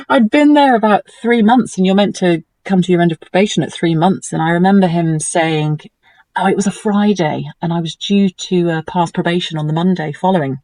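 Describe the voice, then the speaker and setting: Animated woman recounting her story. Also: normal speed, dry recording. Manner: animated and emotional, lively pitch swings. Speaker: guest. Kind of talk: personal storytelling in a conversation.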